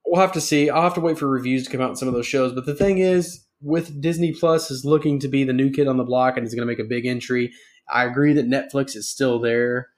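A man's voice: mid-range voice, steady tone, quick pace. A man in an easygoing podcast chat with a mid-range voice. He is chatty and often breaks off his sentences to start them again. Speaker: podcast co-host.

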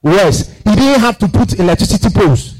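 A man preaching a sermon in a church, swinging from shouted declarations to quiet asides. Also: high-pitched, expressive, brisk, low-quality recording. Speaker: pastor. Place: church sanctuary.

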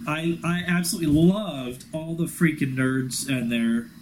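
A man co-hosting a casual fan podcast, excitable and quick, laughing at himself as he talks. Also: on the high side, slight background noise, poor audio. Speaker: podcast co-host.

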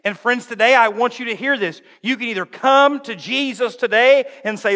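Guy preaching, high voice, bounces all over, jokey and animated, big church reverb. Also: moderate pace, few pauses. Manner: animated, humorous, acts out voices. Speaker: pastor. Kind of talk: sermon.

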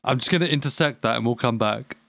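A man's voice: mid-range voice, fast talker, vocal fry, fairly bright tone, dry recording. A man co-hosting a podcast, chatting in loose, sweary banter that keeps tipping into giggles. He rambles from one story to the next. The recording is close and dry. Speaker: podcast co-host. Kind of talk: casual banter.

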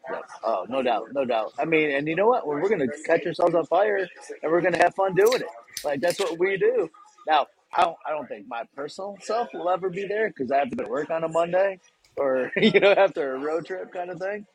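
A middle-aged man, a guest who runs a fan club, telling stories in a relaxed, rambling way. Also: a little high, brisk, rough recording. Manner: rambling, relaxed storyteller with fillers. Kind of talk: casual chat.

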